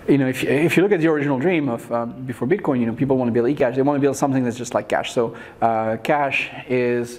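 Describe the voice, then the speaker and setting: Man explaining at a meetup, halting. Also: medium pitch, a little mellow. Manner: thinking aloud, many restarts and fillers. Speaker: founder answering audience questions. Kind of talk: unscripted meetup talk.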